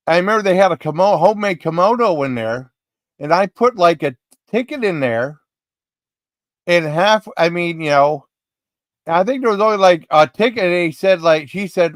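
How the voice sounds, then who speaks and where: A man's voice: on the high side, dry recording. Rambling man telling stories on a livestream. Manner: rambling, restarts often, gets worked up. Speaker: livestream host. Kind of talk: casual rambling storytelling.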